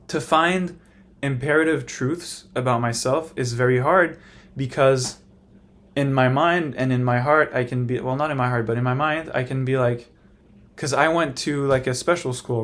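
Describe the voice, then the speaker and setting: A young man talks to camera in a loose, rambling personal monologue, speaking frankly and stopping often to restart his thoughts. His voice sits at an ordinary, middling pitch for a man. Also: fairly even intonation, a little slow, fairly bright tone. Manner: rambling, frank, full of fillers. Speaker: vlogger.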